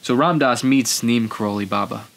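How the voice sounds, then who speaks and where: A man's voice: mid-range voice, normal speed, vocal fry. A man hosting a podcast, telling a story in a rambling, casual way and acting out the quotes. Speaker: podcast host.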